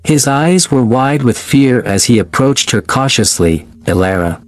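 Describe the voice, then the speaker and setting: A man narrating a scripted horror story in a measured, dramatic way. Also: medium pitch, animated, dry recording. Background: faint music.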